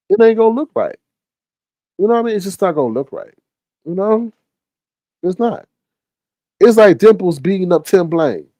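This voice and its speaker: A man's voice: fairly high pitch, a little mellow, dry recording. A man telling a story to his viewers in a casual rant, exasperated, repeating himself, swearing a lot and acting out other people's lines. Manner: exasperated, repetitive, heavy profanity. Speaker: online streamer.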